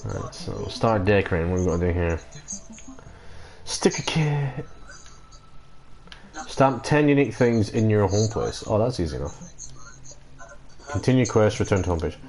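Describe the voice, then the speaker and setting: A man streaming a video game, giving casual commentary, excitable and sweary, breaking into loud laughs and whoops. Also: on the low side, brisk, low-quality recording. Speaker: gaming streamer.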